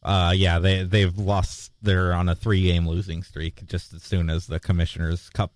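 A man's voice: sits low, flat delivery, moderate pace, dry recording, clean studio sound. A man co-hosting a casual chat in a laid-back, agreeable way, often answering with short "yeah"s. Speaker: podcast co-host.

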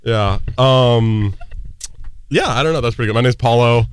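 A man's voice: medium pitch, normal speed, a little hiss or hum. A young man from Colorado, a college student, joking and laughing often on a casual radio chat. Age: young adult. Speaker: co-host.

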